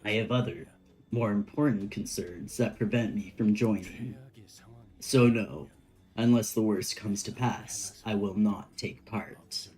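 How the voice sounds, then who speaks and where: A streamer reading the lines of a stern, aloof old man, a little lower and slower than their usual talk. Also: darkish tone, close to an everyday voice, poor audio.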